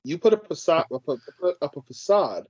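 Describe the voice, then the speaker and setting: A man's voice: fairly high pitch, big pitch swings, fast talker, darkish tone, husky, no room sound. A man co-hosting a casual podcast. He talks with emphasis and passion and swears freely. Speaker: podcast co-host. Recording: dull dry podcast audio.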